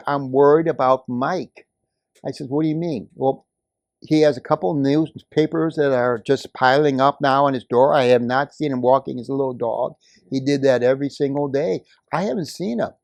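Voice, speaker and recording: An older man speaking at a community meeting, telling a story and building to forceful, emphatic outbursts. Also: medium pitch, no room sound. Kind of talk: impassioned public comment.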